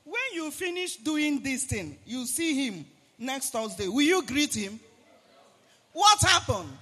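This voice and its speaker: A man with a Nigerian accent preaching a sermon, animated and sing-song, rising now and then to a shout. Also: very high-pitched, slow pace. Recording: long hall reverb.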